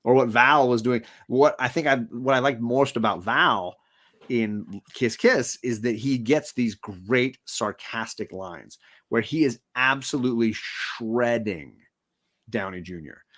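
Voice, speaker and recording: A man co-hosting a casual movie discussion, telling scenes with lively energy and acting out lines in quick voices. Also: medium pitch. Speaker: co-host of a movie discussion show. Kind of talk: casual film chat.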